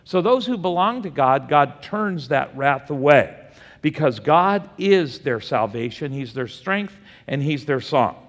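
A man's voice: a little high, expressive, a little slow. A man preaching a Bible study sermon, asking the room questions and answering them himself. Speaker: pastor teaching a Bible study. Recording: long hall reverb.

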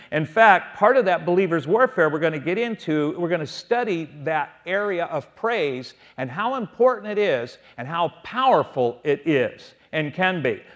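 Male Bible teacher, slightly raised pitch, question-and-answer teaching style. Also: a bit bright. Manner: asks the audience questions and answers them, stretching key words.

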